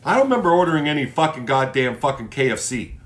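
A man's voice: medium pitch, very animated, quick pace, a bit bright. A man hosting a livestream roast, brash and mocking, cursing constantly. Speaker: livestream host. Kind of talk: profane roast livestream chat.

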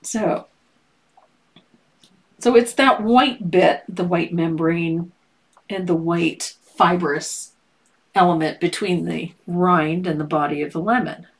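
Woman painting instructor, unhurried, lower voice, playful and teasing, live lesson. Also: poor audio. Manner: playful, teasing, laughs often.

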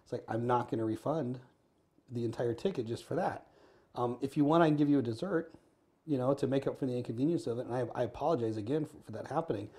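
An American man, quick and earnest, tells a story in an interview, playing out the back-and-forth of everyone in it. His voice is dark and mellow, and his pace barely lets up. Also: mid-range voice. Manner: earnest, fast storyteller acting out dialogue. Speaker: podcast guest.

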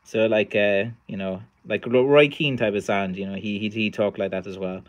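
A man's voice: lowish voice, steady tone, moderate pace, dull audio. A middle-aged man, chatting tiredly on a livestream as its host, rambling with many fillers and restarts. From Ireland. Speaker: livestream host, stick maker. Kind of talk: casual livestream chat.

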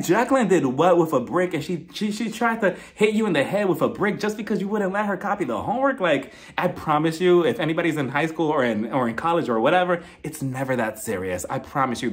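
Animated, gossipy young man reviewing reality TV. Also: fairly high pitch. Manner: animated, gossipy, laughing often, acts out quotes. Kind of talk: casual commentary vlog.

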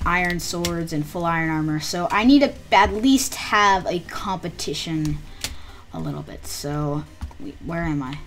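A woman giving casual gameplay commentary, muttering to herself with excitable outbursts. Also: lowish voice. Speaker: gamer.

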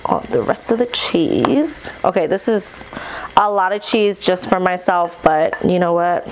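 A woman chatting casually to her viewers while she cooks, bubbly and excitable, recorded on a camera mic in a home kitchen. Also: fairly low pitch, unhurried, background noise. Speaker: mukbang vlogger. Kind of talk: casual vlog chat while cooking.

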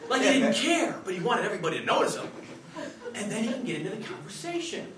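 A man's voice: high-pitched, sing-song, fast talker. A middle-aged man giving a humorous contest speech, chatty and self-mocking, talking straight to the audience. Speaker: contest speaker. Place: meeting hall before an audience. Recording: echoey hall, distant mic, noisy.

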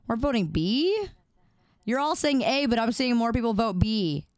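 A woman livestreamer with a fairly high, darkish voice chats playfully with viewers at normal speed, her intonation lively as she repeats words in a sing-song drawl. The casual stream has dry, clean studio sound.

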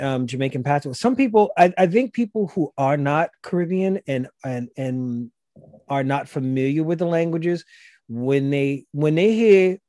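A man with a Gullah Geechee accent talks on a podcast, explaining things in a relaxed, rambling way. His voice sits fairly high for a man but sounds dark and mellow, recorded dry and close. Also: no echo. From South Carolina, US. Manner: explanatory, loose and chatty, many fillers. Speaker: guest, language instructor. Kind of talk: casual podcast conversation.

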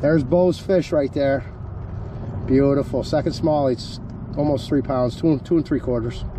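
A man's voice: medium pitch, a little slow, background noise. Laid-back man coaching on a river canoe. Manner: relaxed coaching, says "dude" and "man". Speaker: fishing channel host. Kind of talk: casual chat while fishing.

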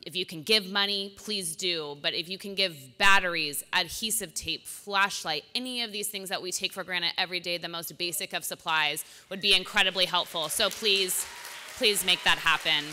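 An earnest, energetic woman introduces a conference panel into a microphone. Her voice is bright and smooth. A long hall reverb trails behind every phrase. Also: on the low side, moderate pace. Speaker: panel moderator.

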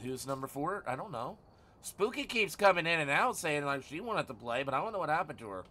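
Male streamer host, bright tense voice, a bit high, teasing and crude, casual live-stream chat. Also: big pitch swings, a little fast. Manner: gives chat shout-outs.

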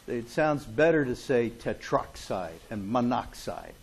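A man's voice: mid-range voice, very animated, unhurried, creaky, husky. Joking man giving a chemistry lecture. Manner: joking, chatty, asks "okay?" often. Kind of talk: classroom lecture. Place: lecture classroom. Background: students in class.

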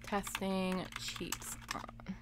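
A woman's voice: medium pitch, monotone, extremely slow, background noise. A young woman chatting through a live game stream, giggling often and reacting to her chat. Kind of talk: live gameplay commentary.

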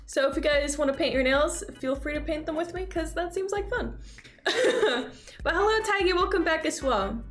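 High-voiced woman streamer chatting upbeat. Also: soft background music. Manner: upbeat, chatty, greets viewers by name in quick bursts. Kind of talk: casual chat greeting live viewers.

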